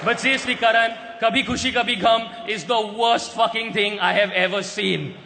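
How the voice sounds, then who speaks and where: A young man with an Indian English accent doing a brash stand-up roast on stage, shouting his punchlines. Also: sits high, steady tone, moderate pace, gravelly. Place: large hall with a live audience. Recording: roomy hall, crowd and noise behind.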